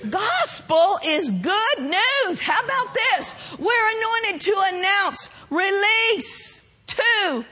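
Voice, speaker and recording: A woman preaching a sermon, swinging between loud shouted lines and soft hushed ones. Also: extremely high pitch, very animated, takes it slowly, few pauses.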